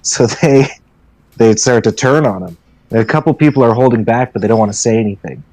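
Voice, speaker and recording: A man narrating his turn in a tabletop storytelling game, a lively storyteller who swears and jumps into character voices. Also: medium pitch, fairly quick, low-quality recording. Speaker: player.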